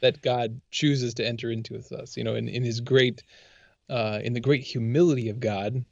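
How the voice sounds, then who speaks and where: A man's voice: medium pitch, level tone, moderate pace, creaky, dry recording, lo-fi sound. A man talking about faith in a casual discussion, earnest and eager, often stumbling and restarting his sentences.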